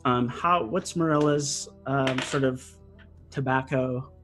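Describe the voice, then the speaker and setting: A man's voice: mid-range voice, slow, over music. Rambling man running a tabletop game. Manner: rambling, full of fillers and likes. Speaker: game master.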